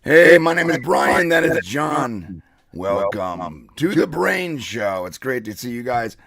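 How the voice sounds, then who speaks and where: A man co-hosting a casual podcast, his voice congested and hoarse, rambling and joking with lots of fillers and throat clearing. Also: medium pitch, big pitch swings, slow pace, over loud music. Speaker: co-host.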